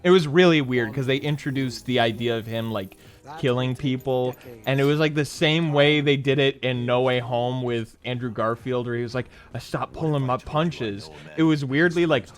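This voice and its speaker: A man's voice: mid-range voice, normal speed. A man chatting on a game stream, rambling loosely and swearing casually.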